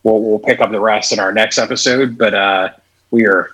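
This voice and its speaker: Husky low man, emphatic "like"-filled chat. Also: steady tone, normal speed, a bit bright, rough recording. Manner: emphatic, nearly every phrase starts with "like". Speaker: podcast co-host. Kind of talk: casual chat.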